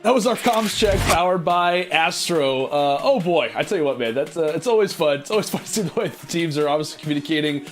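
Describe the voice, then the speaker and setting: A man with a high voice commentates on a competitive video game match. He talks loosely, stacking up fillers as he breaks down the play. Music runs under his voice. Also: lively intonation, a little fast, hardly any pauses. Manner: chatty, filler-heavy analysis. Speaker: esports caster.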